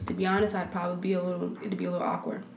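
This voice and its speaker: A woman's voice: on the low side, little pitch movement, rapid-fire, gravelly, slight background noise. A woman in a casual group podcast chat, talkative and often saying "you know what I'm saying". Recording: echoey room with people around.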